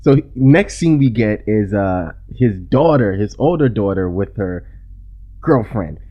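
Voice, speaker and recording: Lively man recapping a show, lo-fi. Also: fairly low pitch. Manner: animated, retells scenes with quick asides and self-corrections. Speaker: podcast co-host. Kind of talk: casual chat recapping a TV episode. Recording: lo-fi podcast audio.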